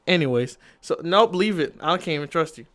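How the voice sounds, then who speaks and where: A man's voice: fairly high pitch, fairly quick. A man co-hosting a podcast, casually telling a story from work, acting out what people said and getting exasperated when he is interrupted. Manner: animated, acts out quotes, exasperated at interruptions.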